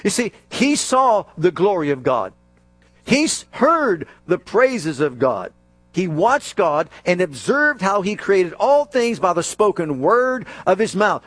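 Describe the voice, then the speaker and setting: A man preaching a sermon with a lively, swooping delivery, often joking and acting out little scenes. His voice sits fairly high for a man, and the sound is dry and close. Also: a little slow, no room sound, soft background music. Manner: animated and jokey, acts out scenes.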